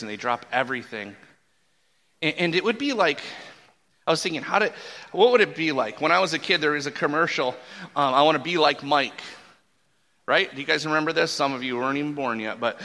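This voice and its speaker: Male pastor, forties, sermon, casual jokey delivery, frequent restarts, fairly high voice, long hall echo. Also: pushed and bright. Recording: long reverb from a large hall.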